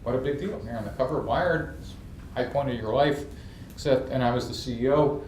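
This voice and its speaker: Lively storytelling man, echoey room. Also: mid-range voice, brisk, a little hiss or hum. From New York. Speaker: entrepreneur guest. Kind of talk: storytelling interview. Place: event stage. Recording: echoey room from a distance, faint ambience.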